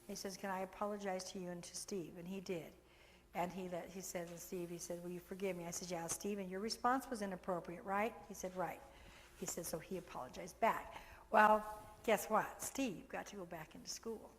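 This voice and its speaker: An older woman speaks as a foster care trainer, earnest and warm in her counsel. She acts out conversations as she tells her stories. Her voice carries a long reverb, as if in a large room. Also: on the low side, fairly even intonation, brisk, a little hiss or hum. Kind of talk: training video talk with stories.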